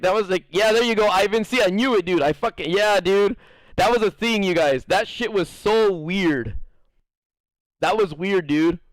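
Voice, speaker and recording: High-voiced young man streamer, dry close mic. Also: dry recording, rough recording. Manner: rambling, animated storytelling, playful acted-out quotes. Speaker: game streamer. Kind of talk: casual live-stream chat.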